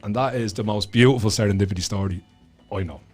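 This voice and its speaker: Talking quickly in a fairly low, husky, darkish voice, a Dublin-accented man appears as a guest author and tells an animated story. He swears freely and acts out the voices of the people in it, with soft music playing behind him.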